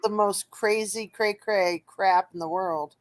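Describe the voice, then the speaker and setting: A woman joining a stream as a guest, talking excitedly in casual slang. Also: mid-range voice, takes it slowly.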